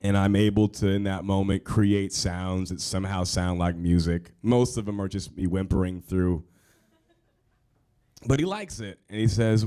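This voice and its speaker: Male, 30s, live stage storyteller, emotional and self-deprecating, lowish register. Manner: emotional, self-mocking, with rising excited bursts.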